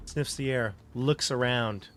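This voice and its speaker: Speaking slowly at a medium pitch, a man acts as game master for a tabletop game. His narration is loose and rambling, packed with fillers like "like" and "you know."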